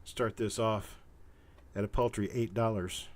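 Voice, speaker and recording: A man's voice: fairly low pitch, steady tone. A man hosting a live coin auction, chanting bid calls over and over and chatting casually between them. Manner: rapid repetitive bid calling, casual asides. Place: cluttered room at home.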